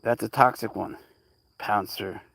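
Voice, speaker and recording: A man's voice: lowish voice, fairly even intonation, unhurried, vocal fry, fairly bright tone. A man hosting a casual livestream about his pet cat, chatting to viewers with rambling asides and cooing at the cat. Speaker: cat owner and channel host.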